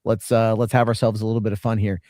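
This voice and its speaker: A man's voice: lowish voice, level tone, fast, warm tone, no echo, clean studio sound. A man hosting a casual reaction show, talking in a profane, sarcastic, rambling way. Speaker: reaction streamer host.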